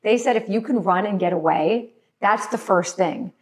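A woman's voice: medium pitch, normal speed. A woman guest telling a frightening personal story in a podcast chat, emotional and apologetic, sometimes crying, with many restarts. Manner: tearful, apologetic, restarts often. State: crying at times.

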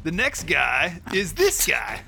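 Giggly man with a lively high voice. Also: takes it slowly, vocal fry, soft background music. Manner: giggly, laughs through his lines. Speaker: podcast co-host. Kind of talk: casual podcast chat.

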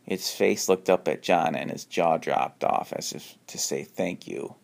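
A man reading his own homemade horror story aloud, stumbling and restarting often, and jumping up in pitch for the characters' lines. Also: measured pace, vocal fry. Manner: unpolished reading with frequent restarts.

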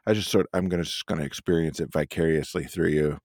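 A man's voice: very deep voice, steady tone, fast, darkish tone, dry recording, clean studio sound. A man co-hosting a podcast in a casual chat, joking and easygoing, laughing often. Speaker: podcast co-host.

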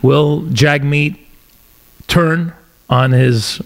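Mid-pitched Canadian podcast host. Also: male voice, steady tone, drawn-out words. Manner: brief backchannels and loose, searching questions. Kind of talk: casual interview.

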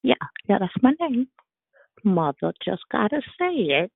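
A woman with a gravelly, husky voice calls in over a tinny phone line. She speaks slowly, in a sassy, joking way. The sound is dry and close. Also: medium pitch, big pitch swings, no echo. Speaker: caller on a church call. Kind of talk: casual joking phone call.

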